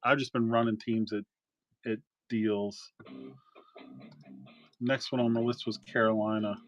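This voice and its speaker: A man's voice: fairly low pitch, flat delivery, measured pace, no echo, muffled recording. A middle-aged man hosting a live card-break stream, chatting casually and rambling through stories. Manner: rambling, chatty storyteller with fillers.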